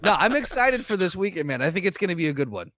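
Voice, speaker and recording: A man's voice: sits high, big pitch swings, quick pace, over music. A man co-hosting a casual podcast, playful and teasing. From United States. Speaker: podcast co-host.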